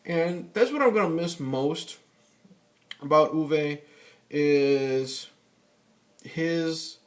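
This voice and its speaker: A man's voice: on the high side, very slow. Profane rambling male vlogger. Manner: profane, rambling with many fillers and restarts. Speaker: YouTube vlogger. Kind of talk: casual ranting vlog.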